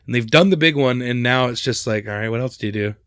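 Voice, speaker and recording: A man's voice: medium pitch, quick pace, a bit bright, clear, resonant tone, dry recording, clean studio sound. Rambling male podcast co-host. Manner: rambling, with many fillers and restarts. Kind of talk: casual chat.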